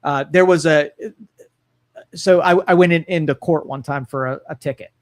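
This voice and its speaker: A man co-hosting a live call-in talk show, his voice sitting a bit high for a man. He argues earnestly from principle. He puts pointed questions straight to the audience. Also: moderate pace. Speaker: co-host. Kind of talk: political talk-radio commentary.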